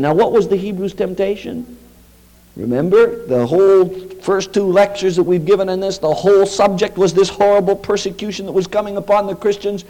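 Male preacher, high-pitched, emphatic lecturing sermon delivery. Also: mellow, poor audio. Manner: emphatic, slows down on quoted scripture.

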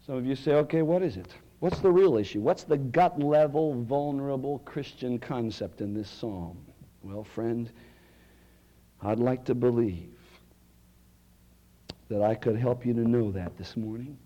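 A male preacher, delivering a sermon with dramatic swings from loud cries to near-whispers. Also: mid-range voice, measured pace, lo-fi sound.

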